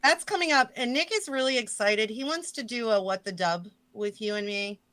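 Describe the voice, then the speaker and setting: A woman hosting a casual live stream, chatting loosely and swearing, with jokey shout-outs to her chat. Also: a little high, moderate pace, no room sound. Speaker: stream host.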